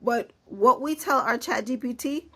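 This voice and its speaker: A woman's voice: a little high, unhurried, bright, forceful tone. A woman hosting a podcast, talking casually with many "you know" fillers. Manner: chatty, full of "you know" fillers, laughs often. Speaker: podcast host. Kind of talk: casual conversation.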